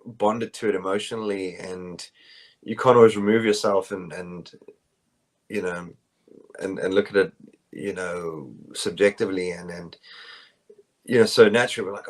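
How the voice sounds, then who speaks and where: A South African man, a band's bassist, answering interview questions in a rambling, casual way with many fillers and restarts over a phone call. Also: steady tone, moderate pace, pauses often.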